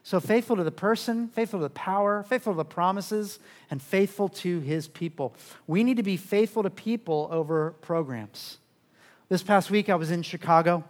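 A middle-aged male pastor with a high voice delivers an earnest sermon. He often repeats a word or two as he starts a new thought, pressing on with conviction. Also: normal speed. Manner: earnest, repeats words when starting sentences.

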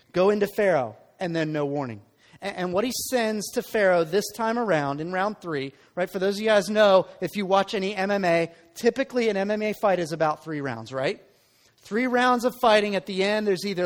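Male preacher, high voice, chatty, keeps checking in with listeners, reverberant hall. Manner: conversational, repeats words, asks the audience "right?". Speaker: pastor. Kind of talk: sermon with scripture reading.

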